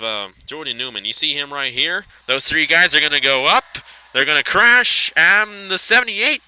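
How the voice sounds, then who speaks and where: A man giving sim racing play-by-play in a very bright, sharp voice that sits a little high. He is excitable and climbs even higher in tense moments, then settles into chatty replay talk. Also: no echo, low-quality recording. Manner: excitable, pitch shooting up at close racing. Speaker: race commentator.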